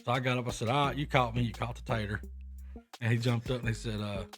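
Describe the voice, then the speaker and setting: A man's voice: mid-range voice, quick pace. A young man hosting a podcast, telling rambling, profane stories in casual chat. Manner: profane, rambling anecdotes with animated quoted voices. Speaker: podcast host. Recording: music playing in the background.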